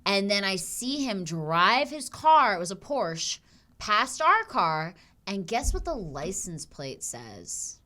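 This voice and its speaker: A young woman hosting a casual podcast, telling stories with animated energy. She talks in a mid-range pitch and swears freely. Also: slow pace. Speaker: podcast host.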